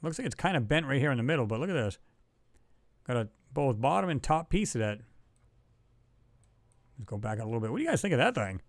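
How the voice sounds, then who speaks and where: A man hosting a casual livestream, talking excitably about photos and reading out viewers' comments. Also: mid-range voice, fast talker, long pauses, dry recording. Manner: excitable, talks to chat viewers, reads their comments aloud. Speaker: livestream host.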